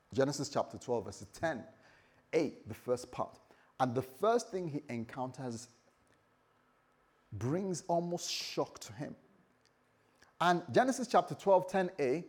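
In a church, a male pastor with a mid-range voice preaches a sermon, animated and joking as he acts out the stories he tells.

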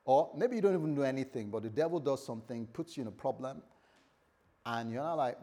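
Husky, emphatic male preacher. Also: medium pitch, expressive, a little fast. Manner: emphatic, swinging between loud and hushed. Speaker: pastor. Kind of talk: sermon.

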